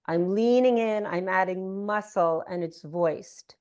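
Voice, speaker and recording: A woman on a video call teaching Sanskrit pronunciation, showing each consonant sound slowly and deliberately. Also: mid-range voice, a little mellow, clean tone.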